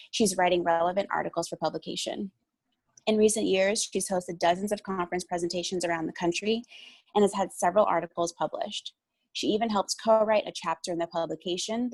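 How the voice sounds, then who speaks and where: A woman's voice: on the low side, vocal fry, no echo, poor audio. A woman reading a formal, ceremonious tribute introducing a panel moderator. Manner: earnest, ceremonious delivery.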